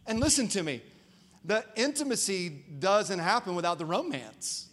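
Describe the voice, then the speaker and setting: A pastor preaching a sermon to a congregation, talking casually and joking with the crowd. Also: male voice, high voice, normal speed. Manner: animated and conversational, jokes with the congregation. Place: church auditorium before a congregation.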